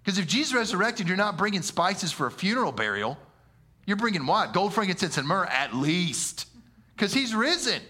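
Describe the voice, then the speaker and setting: A man preaching a sermon in an animated, conversational way, using slang and often stumbling over repeated words. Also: high voice, moderate pace. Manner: animated, conversational, with slang and frequent stammered restarts.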